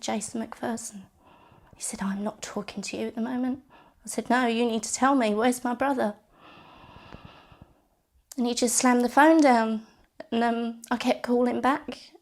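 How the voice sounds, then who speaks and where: A woman interviewed as a bereaved sister, telling her story haltingly, with repeated words and restarts. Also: fairly high pitch, vocal fry, a little mellow. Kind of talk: personal testimony interview.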